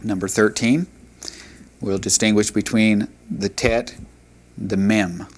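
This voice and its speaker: Male language instructor, lowish voice, very slow and careful, drilling words one at a time. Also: fairly even intonation. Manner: slow and deliberate, sounding out words one at a time with long pauses, self-correcting. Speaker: Hebrew teacher. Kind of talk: recorded language lesson, reading practice words aloud.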